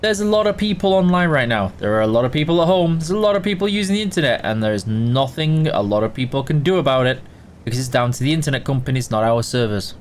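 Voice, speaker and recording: A man's voice: mid-range voice, animated, fast talker, slight background noise. A man hosting a casual live game stream, greeting viewers by name and answering chat while tired and yawning.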